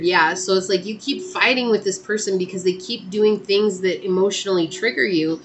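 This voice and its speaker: A woman's voice: mid-range voice, noisy background. A woman giving a casual, chatty tarot reading and talking straight to her viewers. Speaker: tarot reader.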